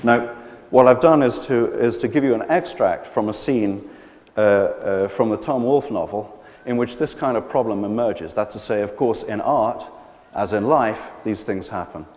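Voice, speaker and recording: A man giving a live public lecture, animated and hesitant, with many fillers and restarts. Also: lowish voice, moderate pace. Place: large gallery pavilion. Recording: long hall reverb.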